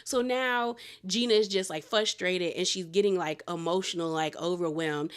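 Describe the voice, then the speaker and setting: A woman's voice: on the low side, steady tone, moderate pace, clear, resonant tone. A woman casually recapping a reality TV episode, chatty and opinionated, with lots of "like". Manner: chatty and opinionated, heavy use of "like".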